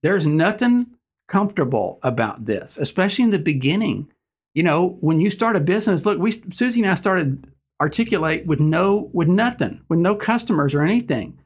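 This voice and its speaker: A man in his sixties, a guest telling stories in conversation, earnest and animated, acting out the dialogue. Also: high-pitched, moderate pace, slightly rough. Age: 60s. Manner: earnest, animated storyteller who acts out dialogue. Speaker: guest, business owner. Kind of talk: conversational storytelling.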